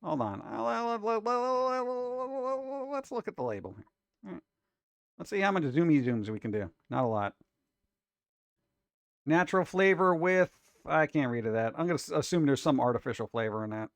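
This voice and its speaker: A man's voice: medium pitch, lively intonation, brisk, long pauses, dry recording. A man hosting a casual reaction show about food videos, talking in an exasperated, wisecracking way.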